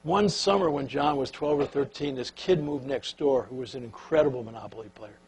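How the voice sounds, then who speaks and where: An older man giving a talk on leadership, telling a story in a folksy, animated way and sinking to a soft, hushed voice at the tender moments. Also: medium pitch, brisk, husky, low-quality recording. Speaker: speaker on leadership.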